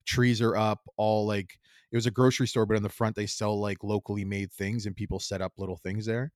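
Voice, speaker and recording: A man co-hosting a podcast, rambling through animated stories and acting out what people said. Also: lowish voice, brisk, no room sound, studio quality. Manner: rambling, animated storyteller who acts out quotes. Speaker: podcast co-host. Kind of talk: casual chat.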